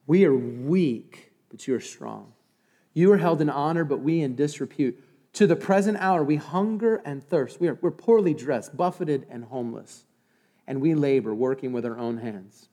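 A middle-aged man preaching a sermon, reading scripture aloud and calling for congregation responses. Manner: animated, rises high and loud when exhorting. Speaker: pastor. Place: church sanctuary. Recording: long reverb of a church hall.

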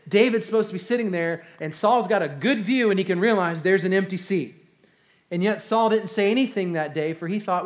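A pastor preaching a sermon, reading scripture and retelling it in a conversational, animated way. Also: male voice, fairly high pitch.

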